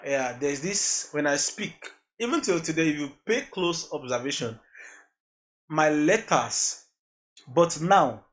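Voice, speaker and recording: As a podcast guest, a music producer with a Nigerian accent recounts his journey in casual interview chat, mixing in Pidgin. He's earnest and reflective, repeating phrases as he thinks, his slightly high voice expressive and slow.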